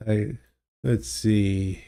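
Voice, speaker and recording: A man hosting a livestream, chatting casually and thinking aloud in a halting, easygoing way while playing a geography game. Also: lowish voice, steady tone, dark tone. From United States. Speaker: livestream host. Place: home streaming studio. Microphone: studio desk microphone.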